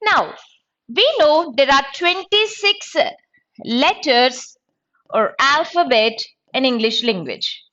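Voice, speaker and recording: Woman teacher, grammar lesson, lively high voice, deliberate delivery, dull lo-fi sound. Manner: slow, deliberate, spells out letters and sounds. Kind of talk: exam-prep grammar lesson.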